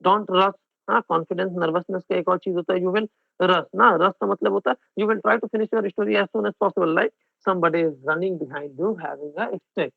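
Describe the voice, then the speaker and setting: A man's voice: high voice, steady tone, very fast, vocal fry, no room sound. A man with an Indian English accent teaching an exam-prep class, mixing Hindi and English and often checking in with his students. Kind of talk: online class lecture. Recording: phone-like narrow band, dry.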